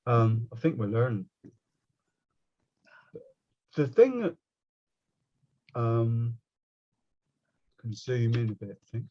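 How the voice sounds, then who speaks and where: A man with a West Country accent rambles his way through a watercolour lesson, chatting and poking fun at himself as he goes. He speaks at a middling pitch, and the video-call audio sounds dull and lo-fi. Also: animated, slow. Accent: West Country English. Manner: rambling, chatty, self-mocking. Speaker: watercolour painting teacher. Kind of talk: casual online workshop teaching.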